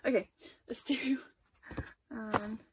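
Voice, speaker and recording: A woman's voice: on the high side, fairly even intonation, slow pace, darkish tone, slight background noise. A young woman chatting casually through an album unboxing, gushing, with small gasps between items.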